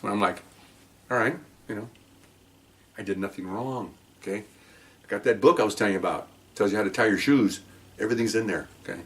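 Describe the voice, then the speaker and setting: A man's voice: fairly low pitch, brisk, pauses often. An older man who is a retired police officer, casually telling a story to the camera and acting out what people said. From Mexican-American background. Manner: animated, acts out quotes, frequent "okay?" asides.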